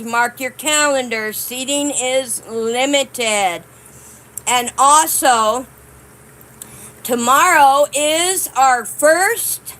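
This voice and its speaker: Slow-talking high-voiced woman vlogger. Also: rough recording. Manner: warm, reads cards aloud slowly, chatty asides to "guys". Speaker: channel host. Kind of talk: casual vlog chat to viewers.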